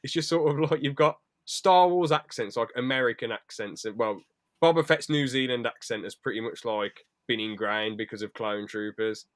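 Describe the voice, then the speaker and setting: A man's voice: mid-range voice, fairly bright tone, no echo. A man co-hosting a podcast in casual chat, rambling with sweary, jokey asides. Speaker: podcast co-host.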